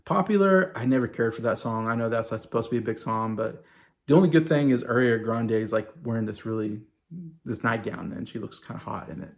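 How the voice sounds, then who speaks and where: Guy with a gravelly voice rambling on camera, annoyed casual review, mocks stuff in funny voices. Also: medium pitch, expressive, fairly quick. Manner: rambling, exasperated, mocking asides. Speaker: video host. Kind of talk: casual movie review monologue.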